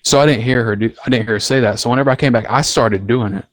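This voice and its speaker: Podcast co-host, male, mid-pitched, loose rambling storyteller, dry mic. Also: fast talker, dry recording. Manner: rambling, animated storytelling with filler words. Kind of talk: casual storytelling chat.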